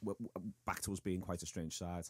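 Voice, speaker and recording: A man, hosting a football podcast in casual chat, animated and full of restarts. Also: low voice, no room sound, studio quality. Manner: fast, animated, with many restarts. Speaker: podcast host.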